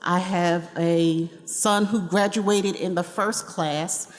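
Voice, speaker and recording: Mom at a board meeting mic, plain and direct, echoey hall. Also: female voice, lowish voice, fairly even intonation, takes it slowly. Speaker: parent, public commenter. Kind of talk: public comment at a school board meeting. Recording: reverberant hall.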